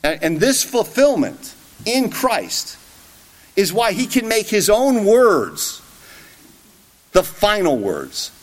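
A man's voice: sits high, huge pitch swings, slow pace, long pauses. A man preaching an expository sermon, emphatic and often checking in with a rhetorical "right?".

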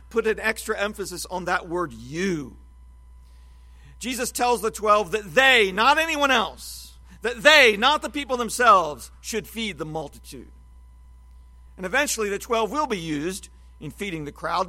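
Animated and forceful, a high-voiced male preacher works through an expository Bible sermon. He teaches deliberately, hitting key words hard, with a consistently bright, clear tone.

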